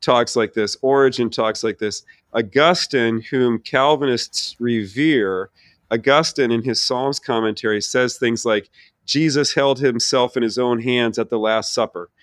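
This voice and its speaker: A middle-aged man, a theology professor, telling his personal faith story in an earnest, animated way with many restarts. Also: mid-range voice, a little slow, no echo. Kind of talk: conversational personal testimony.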